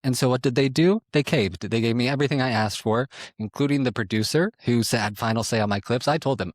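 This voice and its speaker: A young man with a mid-pitched voice tells his story with sass and emphasis, cursing freely and jumping between loud bursts and low asides. The sound is close and dry, with no room echo. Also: fast, few pauses. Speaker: podcast guest telling his story. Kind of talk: casual storytelling.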